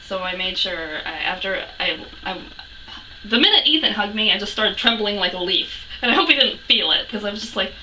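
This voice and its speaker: A woman's voice: medium pitch, expressive, brisk, pushed and bright, far from the mic, a little hiss or hum, poor audio. A young woman recapping a convention in a casual vlog, gushing and breathless, with lots of restarts and casual swearing. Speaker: vlogger.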